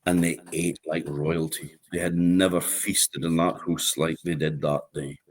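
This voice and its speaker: A man with an Orkney accent telling a folk tale in a lively, animated way. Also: very deep voice, measured pace. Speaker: storyteller.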